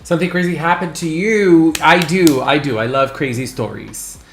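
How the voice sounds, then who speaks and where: A man with a slightly high voice chats excitably on a live stream and greets his viewers one by one. His voice bounces around a roomy, echoey space. He talks casually and gushes often. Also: moderate pace, a little hiss or hum. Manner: excitable, chatty, greets chat by name. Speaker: livestream host. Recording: roomy echo.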